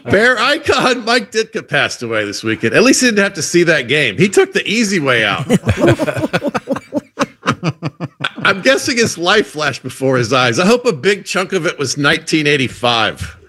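A man with a high, bright voice fires off sports one-liners in a punchy comic rhythm. His pitch leaps around as he chuckles at his own punchlines. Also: very animated, unhurried. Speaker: comedian doing topical jokes. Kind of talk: rapid-fire joke monologue.

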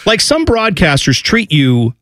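Animated, opinionated man talking sports. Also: high-pitched, measured pace. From Columbus, Ohio area. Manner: animated, opinionated, mimics announcers in loud bursts. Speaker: podcast co-host. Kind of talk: casual sports talk.

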